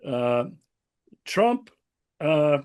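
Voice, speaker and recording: A man hosting a political interview, asking measured questions and laughing easily. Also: a little high, sing-song, a little mellow, smooth. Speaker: host.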